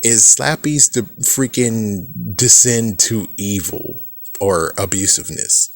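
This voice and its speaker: A man's voice: on the low side, slow. A man giving casual, unscripted commentary, rambling and filling his talk with "it's like" and little chuckles. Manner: rambling, lots of "it's like" and "actually", chuckles to himself. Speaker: YouTube commentator.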